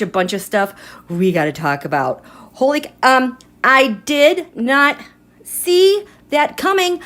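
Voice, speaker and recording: A woman's voice: sits high, a bit bright. A woman hosting a tarot and astrology livestream from home, chatting in a rambling way and greeting viewers by name. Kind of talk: casual livestream chat.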